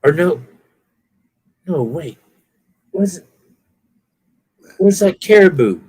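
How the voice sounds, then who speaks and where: A man's voice: high-pitched, lively intonation, slow, darkish tone, husky. An older man with a mixed Southern and Californian accent, chatting casually in a rambling, self-correcting way. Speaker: viewer chatting on a live stream. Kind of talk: casual chat.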